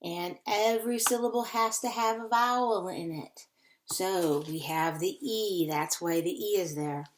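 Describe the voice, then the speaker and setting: A woman teaches phonics to young children in a slow, patient way, repeating each word so they can sound it out. Her voice sits a little low, and a faint hiss runs under the recording.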